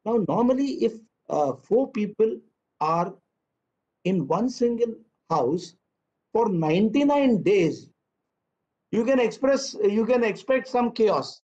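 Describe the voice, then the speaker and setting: A man in his fifties with an Indian English accent, a children's author giving a jokey, animated storytelling talk. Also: high-pitched, slow. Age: 50s. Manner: animated, jokey, acts out dialogues and voices. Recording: dull lo-fi online talk audio.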